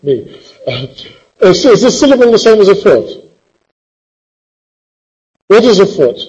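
A man's voice: high voice, very animated, unhurried, darkish tone, husky, muffled recording. A man teaching a poetry class, quizzing the students with a teasing, theatrical, impatient manner.

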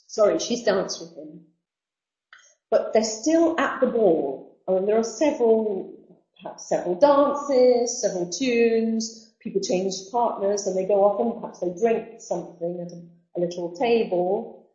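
Mellow-voiced woman teaching literature. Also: medium pitch, animated, unhurried. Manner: explanatory, with asides and restarts. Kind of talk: explaining a novel in a lesson. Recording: dull roomy sound.

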